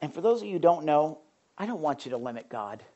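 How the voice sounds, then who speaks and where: A woman preaching a sermon in an animated, conversational way, full of emphatic asides to the congregation. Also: low-pitched, quick pace, muffled recording.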